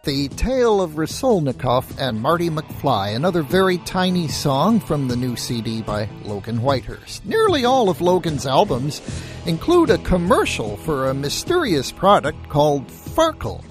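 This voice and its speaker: A man's voice: a little high, huge pitch swings, normal speed, over music. A man introducing tracks as a radio show host.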